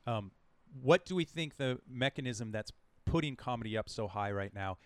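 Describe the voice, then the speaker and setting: A man's voice: medium pitch, lively intonation, moderate pace, dry recording. A man hosting a casual interview, asking questions hesitantly and restarting them. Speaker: podcast host.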